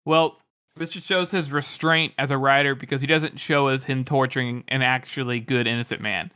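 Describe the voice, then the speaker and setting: A man's voice: mid-range voice, fairly even intonation, moderate pace, pushed and bright, clean tone. A man co-hosting a podcast, rambling through his opinions on a book chapter with casual swearing. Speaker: podcast co-host.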